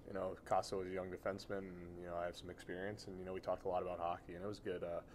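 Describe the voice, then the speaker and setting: A young man, a hockey player, chatting casually in an interview, relaxed and rambling with many fillers. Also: low voice, very fast, slight background noise. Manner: relaxed and rambling, full of "you know" and "uh".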